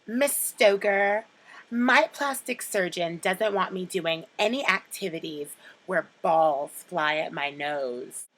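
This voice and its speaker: A woman voicing a snobby, prissy rich teenage girl, reciting lines in a haughty, drawn-out way. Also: lowish voice, fairly bright tone, rough recording. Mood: snooty.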